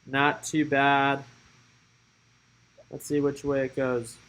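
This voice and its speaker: A man's voice: medium pitch, completely flat delivery, slow, fairly bright tone, rough recording. Chatty man calling live market moves. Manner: chatty, thinking aloud while watching charts. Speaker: stock trading streamer. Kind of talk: casual live-stream market commentary.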